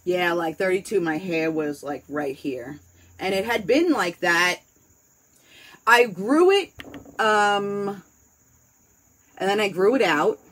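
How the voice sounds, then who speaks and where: A woman with a New York accent talks in a loose, rambling afternoon chat. She is blunt and candid, and profanity drops easily into her sentences. Her voice sits at an ordinary middle pitch. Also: lively intonation, slow pace, long pauses, a bit bright, rough recording. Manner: candid, rambling, swears freely. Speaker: host. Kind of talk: casual chat.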